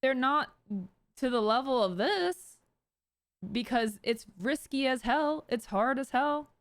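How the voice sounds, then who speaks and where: High-voiced chatty woman streamer. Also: expressive, takes it slowly, clean tone, no room sound. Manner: chatty, talks straight to her chat; stumbles and restarts words. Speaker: streamer commenting on news. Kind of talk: casual live-stream commentary.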